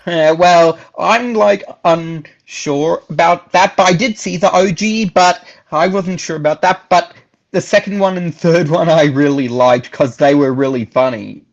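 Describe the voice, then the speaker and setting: Casual male guest, jokey and rambling, somewhat high voice, muffled lo-fi sound. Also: measured pace, creaky. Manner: rambling, jokey, repeats himself. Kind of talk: casual chat.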